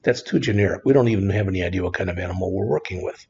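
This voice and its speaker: A man teaching a screen-recorded programming lesson in a relaxed, conversational way, often saying "all right". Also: deep voice, very fast, vocal fry, slightly rough, lo-fi sound. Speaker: programming instructor.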